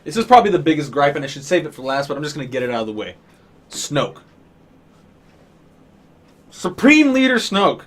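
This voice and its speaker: A man's voice: fairly high pitch, very animated, a little fast, long pauses. A man giving an exasperated, profane, sarcastic rant as a movie reviewer. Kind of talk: ranting film review.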